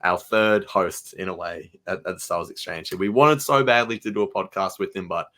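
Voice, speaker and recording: A man's voice: low voice, fairly quick, fairly bright tone. A man co-hosting a fan podcast, chatting casually and enthusiastically with many fillers. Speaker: podcast co-host.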